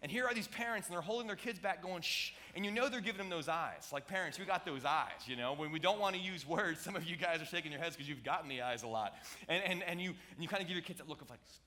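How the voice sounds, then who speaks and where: Middle-aged male pastor, slightly high bright voice, playful animated sermon delivery in a church. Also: fast talker, few pauses. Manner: animated, playful, jokey preaching with audience asides. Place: church sanctuary.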